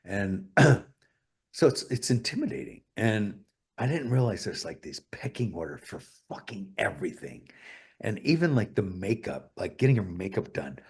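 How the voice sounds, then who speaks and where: A man's voice: lowish voice, sing-song, moderate pace, a little mellow, slightly rough. A male guest telling stories in a casual interview, rambling and swearing a lot. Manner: profane, rambling, full of fillers.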